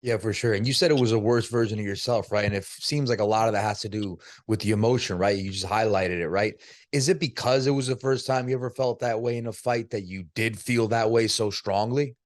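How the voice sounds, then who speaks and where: Fast-talking, laid-back male podcast host. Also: lowish voice, no echo, clean studio sound. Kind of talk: casual interview questions.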